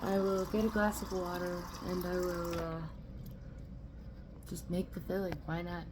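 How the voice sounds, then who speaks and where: A woman's voice: on the low side, level tone, unhurried, background noise. A woman chatting casually in a rambling, chatty way while cooking in her home kitchen for her vlog. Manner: rambling, chatty, fond of swearing. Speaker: vlogger host.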